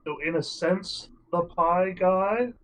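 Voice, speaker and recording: A man with a slightly high voice gives casual feedback after a tabletop session, slow to find his answers. Faint background noise sits behind his voice. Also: a bit bright, low-quality recording. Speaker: tabletop player.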